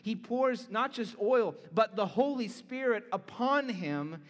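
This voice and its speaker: A man preaching a sermon as pastor, earnest, dropping to hushed tones for emphasis. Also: high-pitched, expressive, takes it slowly. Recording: long hall reverb.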